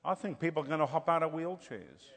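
A man preaching a sermon, telling healing stories and building to loud, fervent exclamations. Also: a little high, animated, fast talker, creaky, long reverb tail. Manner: storytelling, rising to loud exclamations.

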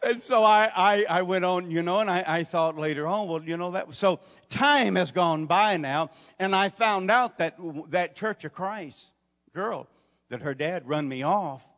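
A man's voice: sits high, fairly bright tone. An older man preaching a sermon as pastor, folksy storytelling that swells into emphatic preaching. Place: church sanctuary. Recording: long hall reverb.

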